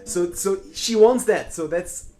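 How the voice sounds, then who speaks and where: Blunt, self-deprecating man, slightly high voice. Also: measured pace, dark tone. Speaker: cellist answering viewer questions. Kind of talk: live online Q&A.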